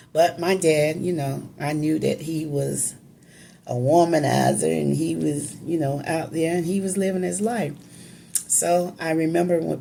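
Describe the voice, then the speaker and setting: A woman's voice: deep voice, gravelly, warm tone, a little hiss or hum. A woman telling an emotional personal story in a casual, conversational, emphatic way.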